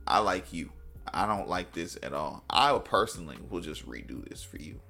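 Gravelly-voiced man telling animated stories. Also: sits low, moderate pace, faint music behind. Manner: animated, mimics people in a raised voice. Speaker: music producer, podcast guest. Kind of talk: casual interview storytelling.

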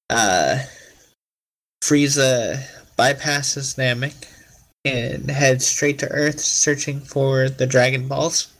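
A male podcast host spins out a casual, improvised fight scenario in slow, unhurried speech. He halts often and his pitch sits mid-range. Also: fairly bright tone, low-quality recording. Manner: halting, full of fillers and restarts.

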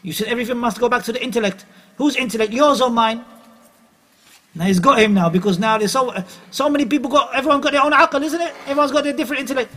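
A man's voice: very high-pitched, quick pace, a bit bright. A middle-aged man giving an Islamic lecture, emphatic and repeating his points. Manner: emphatic, repeats phrases, uses Arabic terms. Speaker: Islamic preacher.

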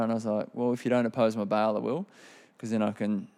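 His lowish voice is a little mellow, level in tone, and quick. He's in his thirties, from Queensland, Australia, with an Australian accent, recounting his personal testimony in a candid, rambling way with many fillers.

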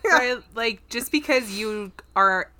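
A woman's voice: a little high, slow pace, pushed and bright. A woman in casual chat, giving blunt, exasperated comments.

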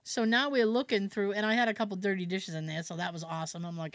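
A woman's voice: mid-range voice, steady tone, fast talker, dry recording. A woman co-hosting a podcast, animatedly telling a personal anecdote in casual chat and swearing freely. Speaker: podcast co-host.

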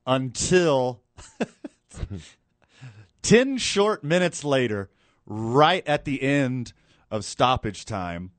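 A man chatting casually about soccer, recounting the game in an animated, excitable way with quick asides. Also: mid-range voice, no room sound. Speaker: co-host. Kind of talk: casual sports chat.

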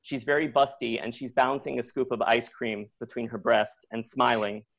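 A middle-aged man telling a personal story on live radio, conversational and animated, with many likes and acted-out quotes. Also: mid-range voice, normal speed, gravelly. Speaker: storyteller guest.

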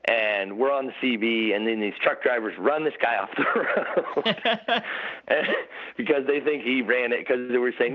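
A man's voice: mid-range voice, moderate pace. A middle-aged man, a podcast guest, telling rambling, laughing stories about the old days with lots of restarts. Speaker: podcast guest, former motorcycle racer. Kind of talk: casual storytelling chat. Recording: tinny phone-like audio.

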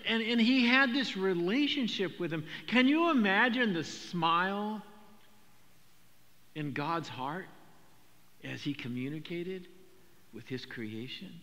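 Older male pastor, bright voice, echoing hall. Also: sits high. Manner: conversational, animated storytelling with repetitions. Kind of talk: sermon. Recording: long hall reverb.

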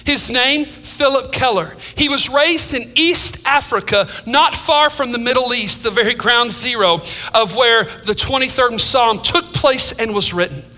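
A male pastor preaches to his congregation, his voice very high and piercingly bright. He rises in emphasis and then falls to near-whispers with a sing-song lilt, and the sound rings with a long reverb. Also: a little slow, faint music behind. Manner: dynamic preaching, drops to hushed tones, sing-song phrasing. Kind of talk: sermon. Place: church sanctuary.

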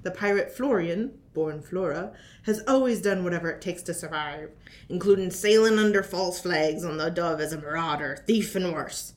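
A woman's voice: fairly low pitch, moderate pace. A woman co-hosting a library podcast, reading book recommendations aloud in a storytelling manner sprinkled with mock pirate dialect.

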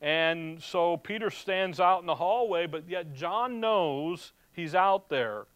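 A man's voice: high-pitched, slow, fairly bright tone, clear, resonant tone, no room sound. A man teaching through a Bible passage verse by verse, reading scripture aloud and then explaining it in a casual, chatty way.

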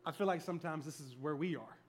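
A middle-aged man preaching a sermon to a church congregation, telling stories in an animated, comic way. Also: a little high, quick pace. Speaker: pastor. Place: church service before a congregation.

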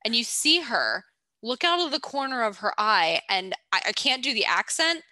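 A woman with a bright, forceful voice talks through a character analysis in casual podcast chat, playful and a little teasing. The sound is dry and close, with no room around it. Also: on the high side, big pitch swings, normal speed, no room sound. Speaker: podcast co-host.

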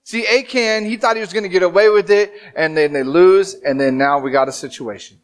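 High-voiced animated male preacher. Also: brisk, clean tone. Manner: animated storytelling, acts out quotes with dramatic shifts. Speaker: pastor. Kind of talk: sermon.

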